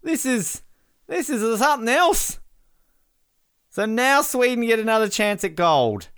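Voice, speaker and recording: A man doing casual, joking commentary while watching a match, with bursts of excited shouting at big moments. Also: extremely high pitch, unhurried, clean tone, no echo, studio quality. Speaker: podcast co-host.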